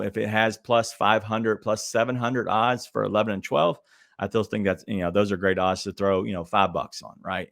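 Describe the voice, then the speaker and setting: A man hosting a podcast, giving casual sports betting advice in a chatty, hesitant way straight to his listeners. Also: lowish voice. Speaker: podcast host.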